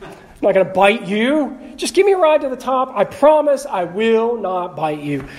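A man's voice: very high voice, big pitch swings, normal speed. A male preacher voicing a sly, sweet-talking male snake in a sermon story, coaxing and full of promises.

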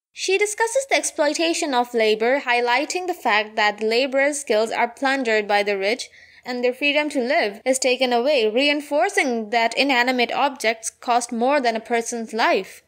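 Higher-voiced woman reading poetry analysis. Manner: reads quoted lines slower and softer. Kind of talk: read-aloud literary analysis.

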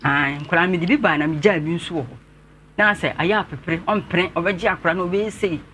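A Ghanaian man speaks as an interview guest, slightly high and bright in tone. He talks earnestly and respectfully, with faint ambient noise behind him. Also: brisk. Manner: earnest, respectfully addressing the host. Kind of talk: telling his life story in an interview.

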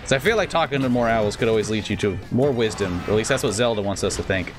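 Lively, jokey gameplay commentator man. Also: on the low side, fast, over music. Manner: jokey, rambling asides and sudden excited outbursts. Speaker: let's play host.

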